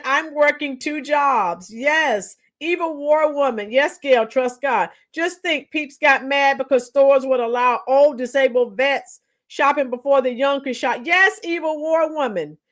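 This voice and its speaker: Live on stream, a high, bright-voiced woman sounds off with strong opinions, animated and blunt. Laughter comes often, and she reads chat aloud, calling out commenters by name.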